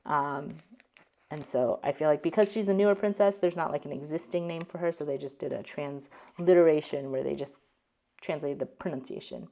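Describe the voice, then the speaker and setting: A woman with a low voice and a gravelly, fry-laced edge walks through a casual language lesson. She chats loosely, filling gaps with ums and likes, and reads card text aloud in two languages. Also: normal speed, dark tone. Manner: chatty, with frequent ums and likes. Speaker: card game channel host.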